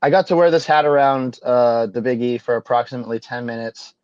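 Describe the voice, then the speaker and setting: A man's voice: medium pitch, fairly quick, darkish tone, smooth, no echo, highs cut off. A man co-hosting a casual comedy podcast, trading sarcastic commentary and mock impressions. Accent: Massachusetts. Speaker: podcast co-host.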